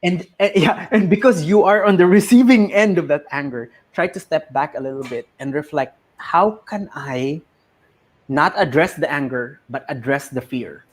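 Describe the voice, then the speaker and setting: A man's voice: a little high, moderate pace. Reflective man in his thirties hosting. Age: 30s. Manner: reflective, repeats words, laughs easily. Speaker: host. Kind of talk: casual interview talk.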